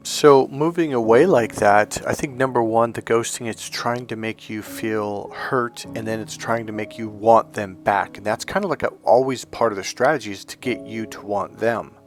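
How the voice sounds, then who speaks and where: A man's voice: lowish voice, moderate pace, hardly any pauses, soft background music. A middle-aged man telling a personal story in a casual, rambling way, full of restarts and fillers. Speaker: life coach and hypnotherapist.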